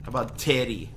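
A man chatting casually while streaming a game, swearing and bursting into shouts and laughs. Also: mid-range voice. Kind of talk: casual gaming stream chat.

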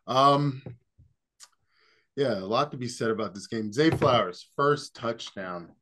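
A man's voice: medium pitch, measured pace, bright, forceful tone. A man hosting a casual sports podcast, upbeat and laughing often. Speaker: podcast host.

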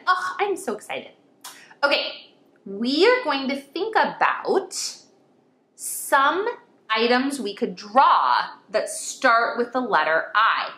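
A woman teaching young children an online lesson, her voice high and swooping with lively exclamations. She talks slowly and warmly to them as friends, recorded in an echoey room. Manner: animated, exclaiming, sing-song, speaks to children as friends. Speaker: kindergarten teacher.

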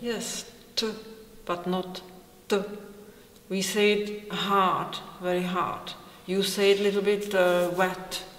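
A woman with a Czech accent, a native Czech speaker, teaching pronunciation slowly and carefully, demonstrating each sound. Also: lowish voice, little pitch movement. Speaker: language teacher. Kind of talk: pronunciation lesson. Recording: roomy hall reverb.

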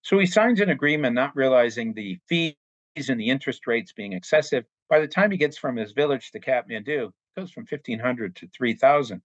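A man's voice: mid-range voice, lively intonation, brisk, no room sound, lo-fi sound. A man giving an earnest, plain-spoken explanatory talk on forced labor, now and then acting out short quoted exchanges. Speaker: anti-trafficking speaker. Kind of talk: explanatory talk with acted-out dialogue.

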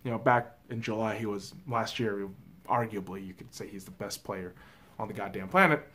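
Fired-up man ranting, bright forceful voice. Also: on the low side, moderate pace. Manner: exasperated, swears a lot, calls audience boys and girls. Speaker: sports vlogger. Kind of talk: casual profane rant.

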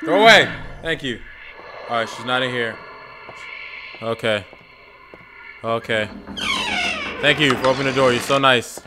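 A man's voice: mid-range voice, a little slow, pauses often, background noise. A man playing a horror game while commenting on it, muttering, swearing and breaking into frantic outbursts. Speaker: gaming YouTuber.

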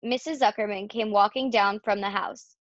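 A woman's voice: medium pitch, steady tone, normal speed, no echo. Woman reading a storybook, dull lo-fi sound. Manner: voices each character in turn. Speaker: storybook reader. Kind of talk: reading a children's novel aloud. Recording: dull lo-fi dry recording.

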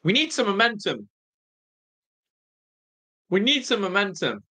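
Young guy doing a live footy watch-along, high pitched, swings from groaning to yelling. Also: a little slow. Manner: anxious, excitable, swings from groaning to shouting. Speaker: fan watch-along host.

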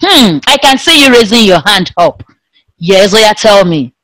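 A woman teaching an online science class to young pupils in a slow, sing-song way, imitating the sounds of animals and objects. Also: medium pitch, animated, fairly bright tone, no room sound, rough recording. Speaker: primary school teacher.

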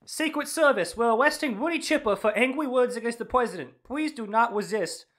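A man's voice: very high-pitched, sing-song, unhurried, sharp tone, heavily acted. A man doing a curt secret service agent. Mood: stern.

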